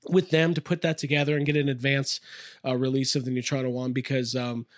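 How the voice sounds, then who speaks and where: A man co-hosting a casual podcast from his toy room, rambling and excitable with many fillers. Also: medium pitch, fairly quick, no room sound, clean studio sound. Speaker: podcast co-host. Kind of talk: casual chat.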